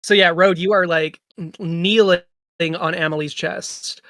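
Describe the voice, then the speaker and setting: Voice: medium pitch, measured pace, no echo. Chill dm walking players thru rules, dry close mic. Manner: calm, explains rules plainly. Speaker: game master. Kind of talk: running a tabletop game over voice chat.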